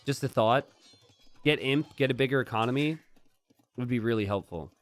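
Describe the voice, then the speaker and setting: A man casting a strategy game, chatty and jokey, bursting into excited shouts and laughter. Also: medium pitch, moderate pace, soft background music. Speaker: game caster. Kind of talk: live strategy game commentary.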